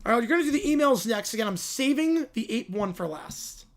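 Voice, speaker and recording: Very high-pitched and fairly quick, with lively intonation, this man runs a live sports reaction stream. He's offhand as he reads out viewer messages and replies to them.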